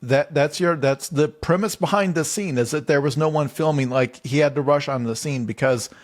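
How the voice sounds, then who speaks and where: A man's voice: on the high side, normal speed. A man co-hosting a comedy podcast, talking in a rambling, incredulous way with frequent restarts. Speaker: podcast co-host. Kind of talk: casual comedic chat.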